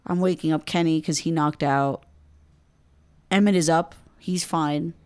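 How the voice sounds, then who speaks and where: Young female podcast co-host, very low pitch, laid-back storyteller who quotes others. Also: steady tone, a little slow, a little mellow. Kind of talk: casual storytelling chat.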